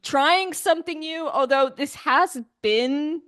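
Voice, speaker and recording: A woman's voice: high-pitched, takes it slowly, a bit bright, dry recording, studio quality. A woman co-hosting a podcast, talking about films in a giggly, enthusiastic way. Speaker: podcast co-host. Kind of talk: casual film review chat.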